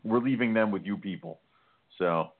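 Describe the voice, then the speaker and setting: A man with a fairly low voice chats casually as co-host, quick to joke and laugh. His voice comes through a thin, tinny phone-like line. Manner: joking, laughs often. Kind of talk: casual chat.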